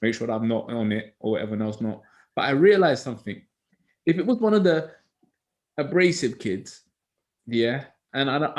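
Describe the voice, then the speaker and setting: A man, a teacher co-hosting a Bible study discussion, telling stories in a casual, animated way. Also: medium pitch. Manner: animated storytelling, acts out others' words.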